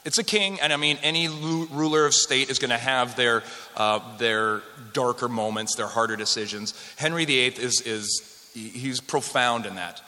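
A man's voice: medium pitch, normal speed, sharp tone. A man from Western Canada giving a conversational history lecture to a live audience, joking with the room as he goes. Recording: long hall reverb.

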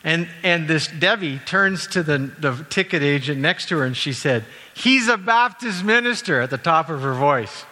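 A middle-aged man from Canada preaching a sermon in a relaxed, conversational way, with frequent fillers and self-corrections. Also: on the high side, moderate pace, hardly any pauses. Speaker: university president and former minister. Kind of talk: sermon with personal anecdotes. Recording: long reverb from a large hall.

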